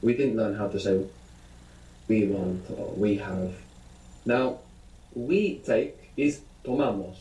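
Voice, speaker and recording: A man's voice: fairly low pitch, takes it slowly, pauses often, warm tone, roomy sound, low-quality recording. A man teaching a language lesson, patiently prompting his students with questions.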